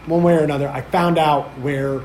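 A man on a podcast telling a long story in a loose, rambling way, peppered with fillers and swearing. His voice sits a little high for a man and turns animated when he acts out conversations. A faint hiss runs underneath. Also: a little fast. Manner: rambling, filler-heavy, profane; animated when recounting dialogue. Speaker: podcast host. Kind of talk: casual storytelling chat.

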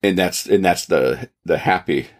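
A man's voice: deep voice, unhurried. A man in a casual theological conversation, thinking aloud and often murmuring agreement.

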